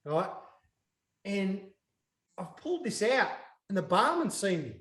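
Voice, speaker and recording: A man's voice: high-pitched, a little slow. A man with an Australian accent, a guest and former footballer, telling an anecdote with props and acting out the scenes as he goes. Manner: lively storyteller, re-enacting scenes. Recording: roomy echo.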